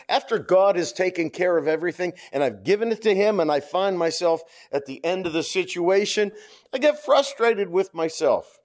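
Male pastor, sermon delivery, emphatic and repetitive, fairly high voice. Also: darkish tone. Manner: emphatic, repeats points, asks the congregation "right?".

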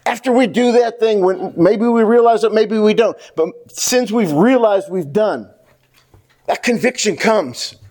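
A man's voice: high voice, measured pace, darkish tone. A pastor preaching a sermon to his congregation, speaking earnestly and directly to the church and repeating key phrases for emphasis.

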